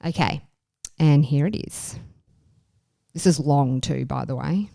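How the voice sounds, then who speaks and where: A woman's voice: low voice, slow pace, gravelly, mellow, faint music behind. A woman hosting a podcast, chatty and enthusiastic in casual chat. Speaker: podcast host.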